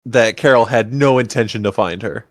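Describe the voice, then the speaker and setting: A man's voice: medium pitch, normal speed. A man co-hosting a podcast, chatting casually about a movie rewatch and acting out scenes with jokey voices. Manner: animated, acts out characters with jokey voices. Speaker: podcast co-host.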